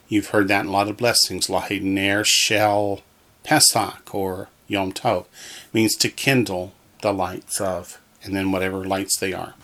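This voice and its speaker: A man's voice: fairly low pitch, little pitch movement, moderate pace, a bit bright. A man teaching a recorded Hebrew lesson from a textbook, patiently repeating each word so learners can echo it. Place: alone in a room, talking to the wall.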